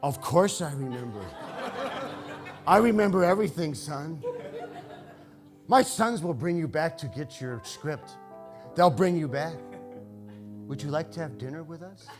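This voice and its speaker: A man voicing an older ballplayer in a dream, speaking in a gentle, calm and kindly way. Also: fairly high pitch, measured pace, pauses often, over music. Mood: serene. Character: older male ballplayer, serene and fatherly.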